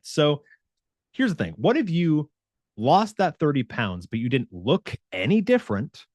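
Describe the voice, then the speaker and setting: A man's voice: on the high side, moderate pace, dry recording, clean studio sound. A man working as a fitness coach, talking casually and with animation straight to his viewers, acting out the quotes. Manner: animated and conversational, acts out quotes. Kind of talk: casual talk to camera.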